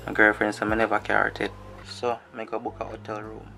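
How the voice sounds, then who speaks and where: A man's voice: fairly low pitch, completely flat delivery, fairly quick, creaky, bright, forceful tone, faint music behind. A man with a Jamaican accent playing a young man who confides in a friend and then comforts her, talking casually in patois. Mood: confiding. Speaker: actor. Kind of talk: Jamaican patois movie acting.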